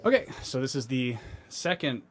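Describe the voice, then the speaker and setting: A man's voice: mid-range voice, sing-song, normal speed, noisy background. A young man co-hosting a casual podcast, rambling and joking, often restarting his sentences. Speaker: podcast co-host. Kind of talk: casual chat.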